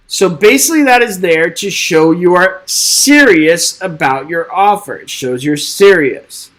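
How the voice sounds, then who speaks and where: Over poor audio, a male real estate exam instructor with a high-sitting, animated, slightly bright voice runs a live exam-prep webinar. Speaking a little slowly with few pauses, he reads quiz questions aloud and cheerfully jokes with viewers in the chat.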